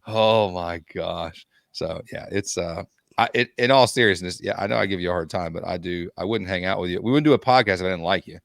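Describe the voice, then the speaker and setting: A man co-hosting a podcast, telling stories in casual chat in an animated, teasing way. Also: low-pitched, fairly quick, creaky, dry recording, clean studio sound. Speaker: podcast co-host, hockey league director.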